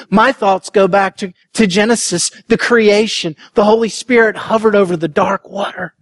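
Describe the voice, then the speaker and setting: A man preaching a sermon as a pastor, earnest and building to emphatic shouts. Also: sits high, steady tone, normal speed, hardly any pauses.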